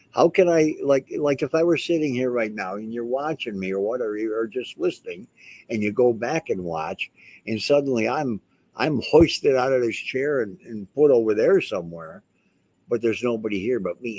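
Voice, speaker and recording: A man's voice: mid-range voice, animated, normal speed, a little mellow. A man talking casually to the camera as a vlogger, rambling and emphatic, often restarting his sentences. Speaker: house owner and vlogger.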